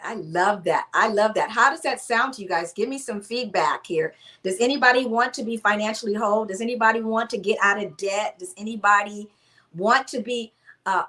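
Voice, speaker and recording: A woman's voice: a little high, sharp tone. A woman hosting a live online talk, upbeat and inviting, speaking straight to her audience. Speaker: host.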